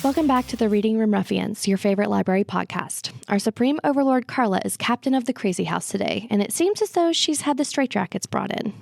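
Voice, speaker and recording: Gravelly-voiced woman podcast host. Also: medium pitch, animated, fast talker, few pauses, a little mellow, no room sound, faint music behind. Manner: upbeat, jokey introductions, frequent backchannel. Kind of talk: casual podcast chat. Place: library recording room.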